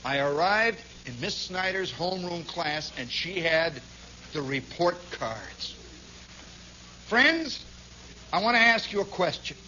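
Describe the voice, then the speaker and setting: A man telling a long personal story as a radio monologue, animated, swinging from hushed to shouting. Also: high voice, slow pace, dull audio, slight background noise.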